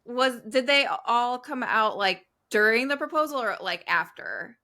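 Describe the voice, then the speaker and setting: A woman's voice: fairly high pitch, expressive, unhurried, bright, forceful tone. Enthusiastic woman hosting an interview. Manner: enthusiastic, affirming reactions. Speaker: podcast host.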